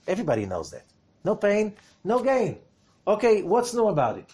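Animated man giving a Torah lesson. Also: sits high, moderate pace, breathy edge. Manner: animated, rhetorical questions, swings from loud to hushed.

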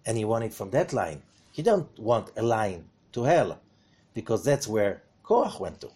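Delivering a Torah lesson, this man is animated, throwing out rhetorical questions and shifting from forceful, loud points to soft comments. He has a fairly low, husky voice at an ordinary pace.

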